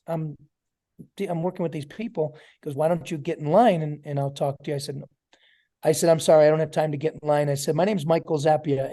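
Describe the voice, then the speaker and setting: Middle-aged new guy, motivational story talk to his team, acts out the voices, warm mellow tone. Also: a little high. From New York. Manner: animated storyteller acting out dialogue. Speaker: network marketing trainer.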